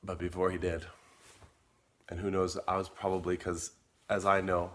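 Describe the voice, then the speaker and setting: A man's voice: low-pitched, little pitch movement, normal speed. A middle-aged man telling his own story casually in a rambling way, repeating words and quoting his old messages. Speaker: vlogger.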